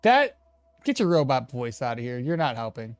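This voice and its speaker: A game streamer giving casual live gameplay commentary, animated and laughing, often trailing off and restarting mid-sentence. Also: medium pitch, normal speed, smooth, no echo.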